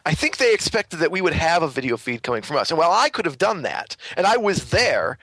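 A man's voice: on the high side, sing-song, fast talker, a bit bright, no room sound. A man co-hosting a podcast, chatting casually in a dry, teasing way. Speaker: podcast co-host. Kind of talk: casual chat.

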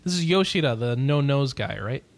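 A man hosting a casual podcast, chatty and quick to laugh while he runs through news items. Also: medium pitch, lively intonation, gravelly, a little hiss or hum. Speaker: podcast host.

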